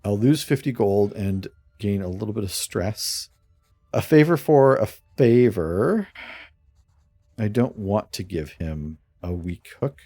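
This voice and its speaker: A man's voice: lowish voice, unhurried, dark tone, slightly rough, no echo, soft background music. A man streaming a strategy game, giving chuckling, playfully scheming let's play commentary.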